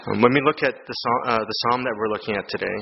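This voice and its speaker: A man preaching a sermon in an earnest, conversational way, often checking in with "okay?" and filling pauses with "um". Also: mid-range voice, gravelly, highs cut off, background noise. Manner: earnest, frequent fillers and "okay?" check-ins.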